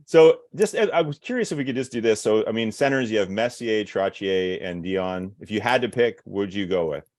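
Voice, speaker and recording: Male sports podcast host, low pitch, dry, halting delivery. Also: expressive, a little mellow, no echo. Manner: hesitant, starts over often. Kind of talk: casual interview chat.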